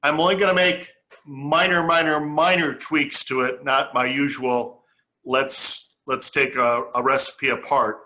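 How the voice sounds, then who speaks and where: Male cooking host, bright crisp timbre, homespun and conversational. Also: mid-range voice, level tone, a little slow, slight background noise. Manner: chatty, homespun, stops and restarts phrases. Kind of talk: casual cooking demonstration.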